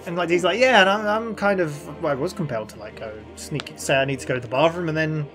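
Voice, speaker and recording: A woman's voice: low voice, quick pace, faint music behind. A woman co-hosting a casual reaction chat, retelling scenes with quoted lines and laughing often. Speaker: reaction channel co-host.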